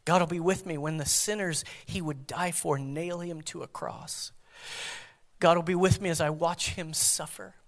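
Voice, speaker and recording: Male pastor, dynamic sermon delivery, loud to hushed, high-pitched voice. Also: steady tone, normal speed, in a large hall.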